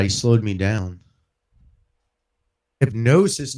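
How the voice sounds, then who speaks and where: A man in the middle of a casual let's-play, talking loosely and rambling, with plenty of swearing and laughter. His pitch sits in the ordinary middle range for a man. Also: expressive, moderate pace, pauses often, darkish tone. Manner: rambling, profane, laughs often. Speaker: gaming streamer.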